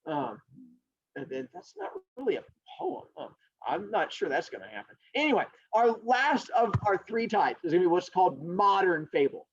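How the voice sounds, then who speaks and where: Playful, lively male teacher. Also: high-pitched, moderate pace, gravelly. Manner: playful, jokey, expressive. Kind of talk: classroom lesson with storytelling. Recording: dull lo-fi recording.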